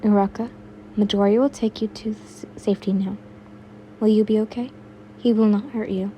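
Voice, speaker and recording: A woman voicing a kind young queen, soft and caring yet firm, in a read-aloud fan fiction. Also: mid-range voice, steady tone, normal speed, a little hiss or hum, lightly acted.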